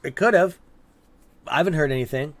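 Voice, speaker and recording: Speaking a little high and briskly, a man hosts a stock-trading livestream. He's chatty, responds out loud to what viewers write in the chat, and curses freely whenever something irritates him.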